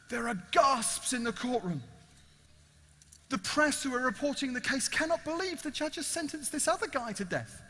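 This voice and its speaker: High bright preacher, big dramatic storytelling, echoey hall. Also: male voice, expressive, normal speed. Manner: dramatic storytelling, vivid and emphatic. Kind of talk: evangelistic sermon. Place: large event hall.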